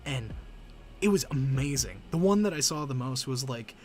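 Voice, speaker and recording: A man's voice: medium pitch, animated, normal speed, darkish tone, slight background noise. A man chatting casually on a live stream, chatty and self-deprecating, breaking into laughs.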